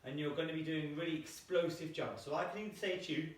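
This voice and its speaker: A man's voice: a little high, quick pace, slight background noise. Panting man counting jumps. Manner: counting reps aloud while jumping. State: out of breath. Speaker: PE teacher. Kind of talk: home workout lesson. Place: small room at home. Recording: echoey room, mic far off.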